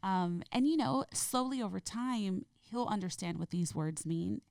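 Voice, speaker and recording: A woman speaking as a podcast guest in an earnest, gentle, heartfelt way. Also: medium pitch, animated, measured pace, vocal fry, no echo. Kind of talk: reflective interview conversation.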